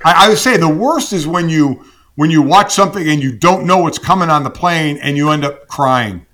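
An older man, a podcast guest, telling animated stories in casual chat and laughing often. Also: a little high, moderate pace.

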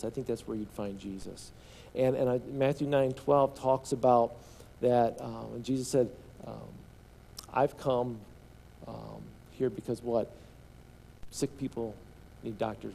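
A man's voice: medium pitch, mellow, slight background noise. A male pastor preaching a sermon, drawing the congregation into call-and-response and often restarting his words.

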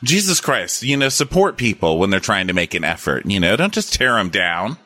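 A man chatting casually as a podcast guest, animated and campy, slipping into impressions of film characters. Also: fairly low pitch, brisk, dry recording. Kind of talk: casual chat.

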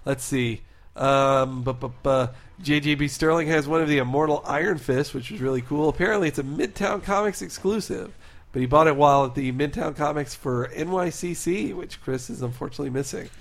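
A man co-hosting a comics podcast, talking in a rambling, casual way with lots of fillers and quick asides. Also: fairly high pitch, creaky. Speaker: podcast co-host. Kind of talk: casual chat.

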